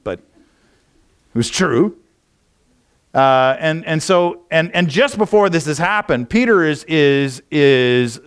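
Casual rambling male pastor preaching. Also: a little high. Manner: conversational, rambling with frequent fillers and restarts. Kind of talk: sermon. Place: church.

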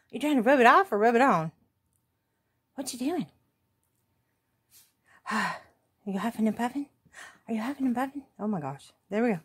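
A playful Southern woman in her forties cooing at her pet in a sing-song voice that swoops high and low. She laughs easily and chats casually at home. It sounds like a phone recording. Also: big pitch swings, normal speed, long pauses, husky. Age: 40s. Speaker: crafting vlogger. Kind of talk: casual home video chat. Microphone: phone held in hand.

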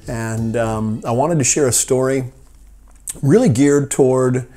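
A man's voice: medium pitch, unhurried, warm tone, soft background music. A man hosting a rescue mission podcast from his office, telling a parable in a friendly, hesitant way with many fillers. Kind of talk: storytelling devotional talk.

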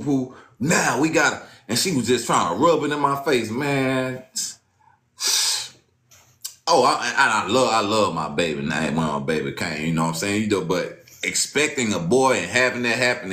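A man with a low voice preaching an informal sermon in an echoey room. His pitch jumps up into loud exclamations, then drops into low muttering. He reads scripture between casual, slangy asides.

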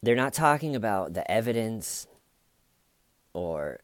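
A man's voice: lowish voice, very animated, unhurried, no echo, studio quality. A man casually commenting on a true crime case in a chatty, sarcastic, rambling way.

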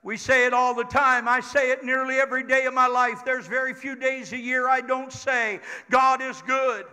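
Older man preaching, high bright voice. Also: level tone, normal speed, clean tone. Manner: call-and-response preaching, rising to shouts. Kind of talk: Pentecostal sermon. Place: church sanctuary. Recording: church hall reverb with congregation.

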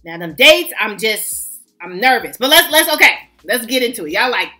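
Bright, high-voiced chatty woman vlogger. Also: moderate pace, soft background music. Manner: chatty, playful and excitable, addresses viewers as family. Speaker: fragrance vlogger host. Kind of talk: casual first-impression review vlog.

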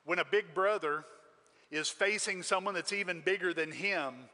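A man's voice: high voice, moderate pace, sharp tone. A male pastor delivering a storytelling sermon in an emphatic manner. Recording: long hall reverb.

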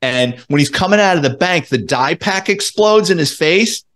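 A middle-aged man, a former police officer telling a story in a casual interview, animated and profane, acting out the dialogue. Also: a little high, moderate pace. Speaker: former police detective, guest.

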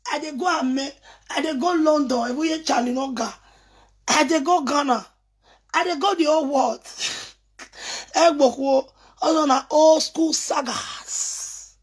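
A woman with a Nigerian accent, rambling excitedly in a casual video message, mixing pidgin and English. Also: high voice. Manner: mixes pidgin, English and local languages, excited and teasing.

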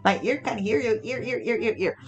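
A woman voicing a naughty robot character who teases by pretending he can't hear, in a high, squeaky voice for a children's phonics story. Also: expressive, fairly quick, dull audio, soft background music, lightly acted. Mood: teasing. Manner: teasing, squeaky.

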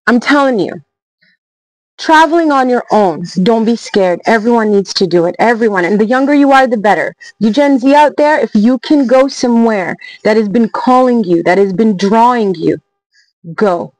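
A woman in her forties, telling travel stories in an energetic, emphatic, chatty way as a motivational vlogger. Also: a little high, normal speed, no echo, poor audio. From Canada. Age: 40s. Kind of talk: motivational storytelling vlog.

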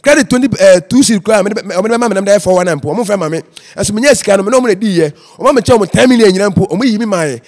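A man's voice: high voice, racing, darkish tone. A man with a Ghanaian accent, an evangelist telling his life story as an interview guest and slipping English phrases into his talk. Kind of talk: personal testimony in casual interview.

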